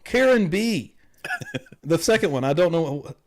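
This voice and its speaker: Upbeat live-stream host, slightly high voice. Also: male voice, big pitch swings, unhurried, a little mellow. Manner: loose, enthusiastic, thanks viewers in chat. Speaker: podcast host. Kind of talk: casual live-stream chat.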